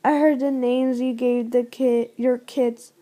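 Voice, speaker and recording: A woman voicing a calm, kind female cat, speaking softly. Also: a little high, slow pace. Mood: gentle.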